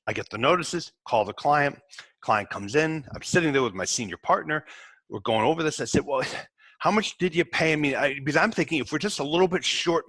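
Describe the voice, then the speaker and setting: A man hosting a podcast for tax professionals, telling candid work stories in a casual way, cursing now and then and acting out quick exchanges with his clients. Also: medium pitch, a bit bright, slightly rough, dry recording. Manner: candid, swears, acts out clients in quick asides. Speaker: tax resolution podcast host. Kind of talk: casual storytelling to fellow practitioners.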